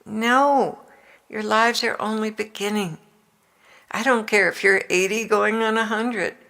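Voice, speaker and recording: A woman's voice: mid-range voice, steady tone, measured pace, vocal fry, bright, forceful tone. Jesus, a tender divine man, as an older woman reads him. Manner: tender, encouraging, exhorting. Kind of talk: devotional reading.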